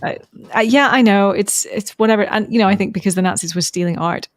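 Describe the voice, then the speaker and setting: A woman's voice: mid-range voice, fast, no echo. Chatty woman podcast co-host. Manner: chatty, rambling with many ums. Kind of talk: casual recap chat.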